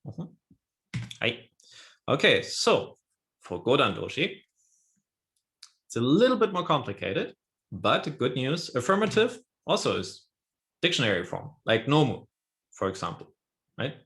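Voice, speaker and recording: A man's voice: medium pitch, sing-song, a little slow, long pauses, fairly bright tone. A man teaching a language lesson, explaining patiently step by step and often checking in with his student. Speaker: Japanese teacher.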